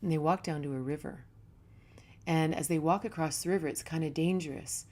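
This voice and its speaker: A woman yoga teacher speaks in a low, warm voice with no bright edge. She gives a reflective spiritual talk in a relaxed, conversational way, telling stories as she teaches. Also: fairly quick.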